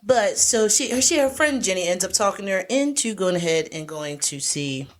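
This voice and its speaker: A woman's voice: mid-range voice, expressive, moderate pace. A woman, casually chatting as a podcast co-host and recapping a movie with lots of fillers and playful asides. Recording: podcast voice recording.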